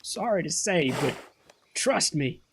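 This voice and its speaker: A gamer giving chatty, jokey, excitable commentary during a playthrough and talking back to the game characters. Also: mid-range voice, slow, noisy background. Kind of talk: let's-play commentary. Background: loud game music and sound.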